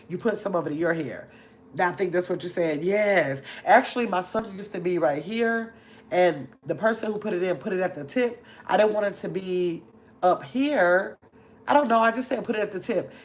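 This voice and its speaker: This is an older woman, hosting a relaxed livestream. Her voice sits somewhat low, and she chats freely, reading viewers' comments aloud and answering them with lively little asides. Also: slight background noise. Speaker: livestream host reading chat. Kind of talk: casual livestream chat.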